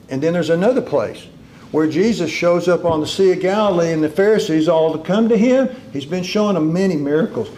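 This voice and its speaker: A man preaching a sermon, drawing out key words slowly and dropping into a low hush for emphasis. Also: slight background noise.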